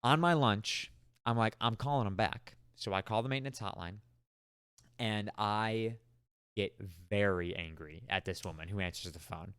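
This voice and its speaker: A man in his twenties co-hosting a podcast, telling a story in an animated, exasperated casual chat. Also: fairly low pitch, normal speed, clean tone, no echo, clean studio sound. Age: 20s. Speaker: podcast co-host.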